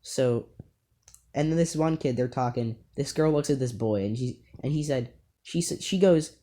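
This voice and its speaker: A man's voice: mid-range voice, normal speed, mellow. A young male YouTuber casually telling school stories to camera, rambling with lots of fillers and an amused tone.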